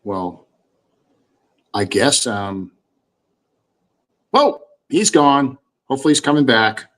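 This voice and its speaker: A man's voice: mid-range voice, expressive, slow, fairly bright tone. A man co-hosting a casual live stream, upbeat and friendly, greeting viewers and reading out their comments.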